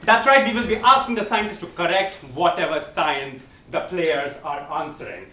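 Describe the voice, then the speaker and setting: The recording is distant and echoey, full of audience noise, as a man hosts a live comedy game show on stage. He speaks at a moderate pace in a high, expressive voice, doing playful, teasing crowd work.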